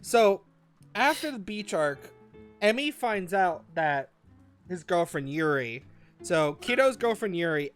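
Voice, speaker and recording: A man's voice: high voice, fairly bright tone. A man hosting a casual comedic podcast, rambling and acting out characters in exaggerated quotes. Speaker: podcast host.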